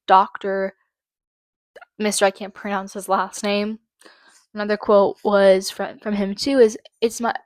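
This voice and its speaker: A woman hosting her own channel, reading out trial quotes haltingly and breaking into angry, swearing commentary. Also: medium pitch, dry recording. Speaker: channel host. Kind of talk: true-crime commentary.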